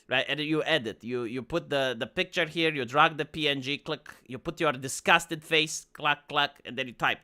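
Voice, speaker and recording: A man's voice: a little high, sharp tone. A man live streaming, talking casually and sarcastically to his chat with frequent stammered restarts. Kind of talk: casual rambling stream talk.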